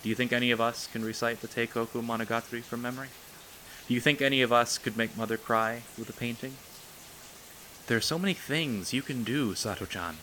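A man reading aloud and voicing a young princess, a steady older sister who speaks softly and comfortingly. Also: medium pitch, brisk, slight background noise, voice pushed up, close to an everyday voice, low-quality recording. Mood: gently comforting. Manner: soft, comforting, coaxing.

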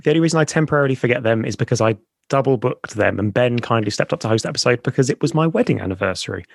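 Male podcast host, mid-pitched, rambling and self-deprecating, dry close sound. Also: lively intonation, racing, creaky, no echo. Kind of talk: casual chat.

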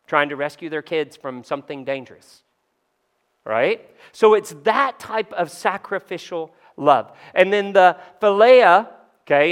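A man's voice: fairly high pitch, a bit bright, clean tone. A man preaching in a church, talking casually with the congregation and joking about himself. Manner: conversational, asks the room "right?" often; self-deprecating humor. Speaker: pastor. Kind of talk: sermon.

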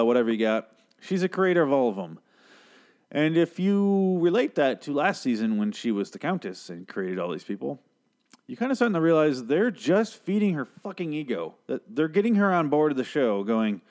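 A man's voice: mid-range voice, darkish tone. A man giving a casual, rambling episode recap, profane and opinionated, swearing freely. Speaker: TV show recapper.

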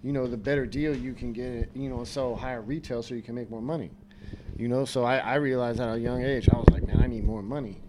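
A man from California and Virginia, a guest telling stories in a relaxed, rambling way. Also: mid-range voice, fairly quick, heavy background noise. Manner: relaxed, rambling, says "you know, like" a lot. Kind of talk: casual storytelling.

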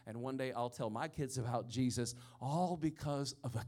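A man's voice: mid-range voice, normal speed, hardly any pauses. Impassioned male pastor preaching. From rural area of the country. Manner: impassioned preaching, swinging from hushed storytelling to loud emphatic peaks; frequent stammered restarts. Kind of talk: sermon.

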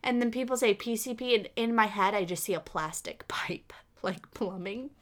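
A woman's voice: mid-range voice, normal speed. A woman from California co-hosting a podcast, chatting casually about a movie with a self-deprecating, easily amused manner. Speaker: podcast co-host.

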